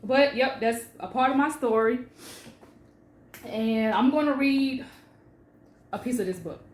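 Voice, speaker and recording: Give me an animated woman telling her own story and reading her book, in an echoey room. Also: fairly high pitch, measured pace, a little hiss or hum. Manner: emphatic and animated, with swings in loudness. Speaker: author. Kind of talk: personal storytelling and reading aloud.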